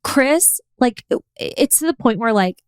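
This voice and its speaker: A young woman hosting a podcast, coaching listeners in a chatty, animated way and acting out her own inner thoughts. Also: fairly high pitch, slow, smooth, no echo. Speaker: podcast host. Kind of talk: casual coaching monologue.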